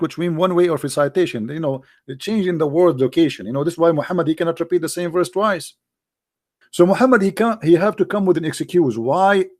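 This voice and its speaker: A man giving an argumentative monologue as a religious commentator, mocking and emphatic, full of rhetorical questions, in non-native English grammar. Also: on the high side.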